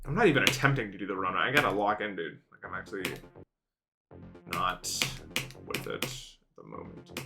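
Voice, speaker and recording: A man streaming a game, chatting casually, swearing often, and breaking into loud frustrated rants. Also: low-pitched, big pitch swings, gravelly. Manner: profane, ranting, quick swings into loud frustrated outbursts. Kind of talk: casual livestream chat while gaming. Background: music playing.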